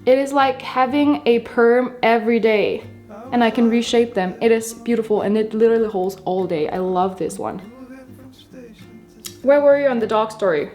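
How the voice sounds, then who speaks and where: A woman's voice: fairly high pitch, normal speed. A woman in her twenties from Denmark, chatting casually and rambling with frequent laughs while doing her makeup for a vlog. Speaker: beauty vlogger. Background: soft background music.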